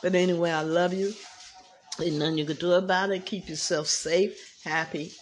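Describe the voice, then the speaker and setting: A podcast host speaking in an earnest, colloquial, gently preachy monologue, openly emotional and rambling a little. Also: mid-range voice, fairly even intonation, normal speed, slight background noise. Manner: colloquial, double negatives. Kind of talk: casual heartfelt monologue.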